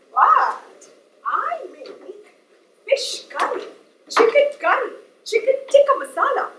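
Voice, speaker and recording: Woman playing a bossy oddball nanny, super high and sing-songy, takes her time, echoey stage. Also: slight background noise, exaggerated voice. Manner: theatrical, swings from cooing to shouting. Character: pushy eccentric woman nanny, loud and bossy. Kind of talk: live stage comedy acting. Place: community hall stage.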